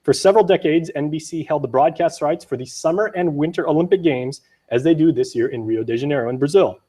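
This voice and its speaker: A young man from Guam hosting a news show, quick and joking as he runs a trivia quiz. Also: on the high side, warm tone. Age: young adult. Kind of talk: lively on-air quiz banter.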